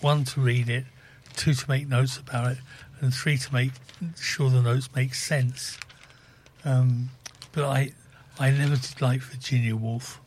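A man co-presenting on community radio, reading the news and dryly grumbling about books in a deadpan way. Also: mid-range voice, a little slow, slight background noise. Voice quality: husky. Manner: dry, fussy, deadpan. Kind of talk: casual radio chat.

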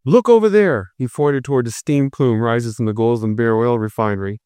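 Male storyteller, smooth and resonant, dry close sound, measured reading. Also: mid-range voice, steady tone, a little mellow, no echo. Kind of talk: first-person story narration.

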